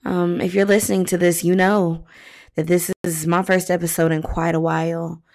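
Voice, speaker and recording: A woman's voice: on the low side, darkish tone. Tired, candid woman podcast host. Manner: frank and reflective, with many pauses and fillers.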